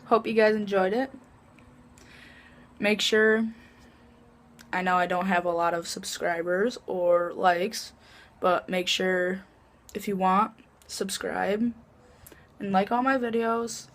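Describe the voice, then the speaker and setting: A woman's voice: mid-range voice, level tone, slow, pauses often. A woman vlogger casually telling a personal story, chatty, full of "like" and swearing freely.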